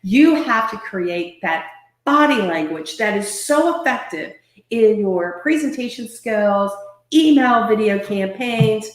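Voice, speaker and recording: A woman's voice: mid-range voice, expressive, slow. A woman sales trainer giving an emphatic, coaching talk over a live video stream, repeating herself often. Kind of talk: motivational online talk. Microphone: webcam or laptop mic on a live video stream. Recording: roomy echo.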